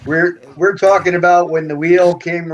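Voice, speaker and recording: A man with a somewhat high voice chats on a podcast call, his sound a little dull and muffled. He jumps in with questions and quick remarks. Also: fairly even intonation, a little hiss or hum. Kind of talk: casual chat.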